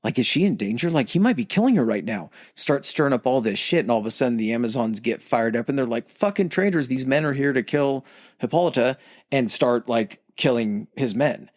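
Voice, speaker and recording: A man of middle pitch retells an old myth as casual podcast chat, cursing freely and joking around. He drops into quick impressions of the characters without breaking stride. The sound is dry and close, with no room echo. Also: expressive. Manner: profane, jokey retelling with quick character voices. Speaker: podcast co-host.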